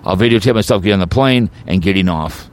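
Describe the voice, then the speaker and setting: A man's voice: low voice, fast talker, a little hiss or hum. A man hosting his own podcast, delivering an agitated, rambling rant full of repeats and stumbling restarts. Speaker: podcast host.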